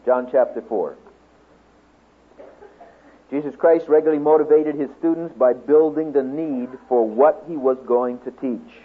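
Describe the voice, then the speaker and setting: A man speaking at a Bible teaching seminar, telling a story and then lecturing to a class in an animated way, acting out the quotes. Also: mid-range voice, a little slow, long pauses, breathy edge. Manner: animated storyteller, acts out quotes, laughs along. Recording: tinny phone-like lo-fi recording.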